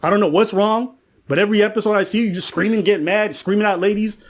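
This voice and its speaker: Quick and high-pitched, this man is ranting on a podcast as a commentator. He mocks people and tells stories, acting out other people's lines as he goes in a casual rant.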